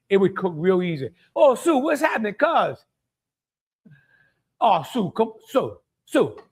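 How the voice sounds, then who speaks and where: A middle-aged man with a Cajun accent hosting a live cooking stream, talking in a folksy way and greeting viewers by name. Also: high-pitched. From Louisiana. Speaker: cooking show host.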